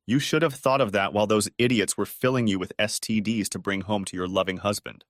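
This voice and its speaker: A man's voice: fairly low pitch, fairly even intonation, fairly quick, few pauses, no room sound, studio quality. A man narrating a first-person audiobook story in a cold, scornful tone.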